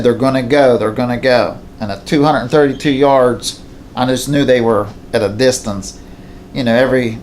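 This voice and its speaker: Man, mid-range voice, plain folksy yarn-spinner who circles back on his words, light background hiss. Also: medium pitch. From southwestern Pennsylvania. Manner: plainspoken, folksy, repeats himself. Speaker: hunter telling a story. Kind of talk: casual storytelling to camera. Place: indoors at home beside a mounted moose.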